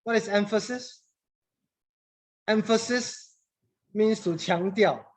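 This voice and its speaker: A woman's voice: medium pitch, takes it slowly. A woman, teaching a class in a chatty manner, often repeating words and asking the class questions. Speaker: English teacher.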